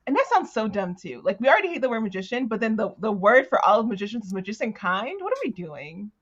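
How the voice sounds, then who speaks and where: A woman's voice: on the high side, a little fast. A woman co-hosting a podcast, chatting casually about a book and animatedly acting out the characters as she retells scenes. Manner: animated, acts out character voices while retelling. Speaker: podcast co-host. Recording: dull lo-fi sound.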